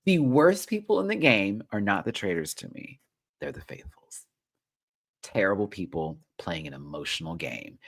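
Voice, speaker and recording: A man hosting a reality TV recap show, ranting in a sassy, animated way and swearing freely. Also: sits low, unhurried, long pauses.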